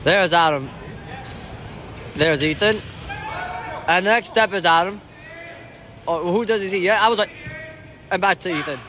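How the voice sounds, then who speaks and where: A man giving excited sideline commentary on an amateur indoor soccer game, shouting and groaning at the plays and calling out to the referee. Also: high voice, moderate pace, pauses often, noisy background.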